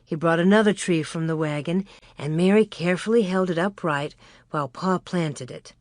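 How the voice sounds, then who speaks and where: A woman reading an audiobook in a measured, expressive way. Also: fairly low pitch, dry recording, studio quality. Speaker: audiobook narrator. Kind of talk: scripted narration.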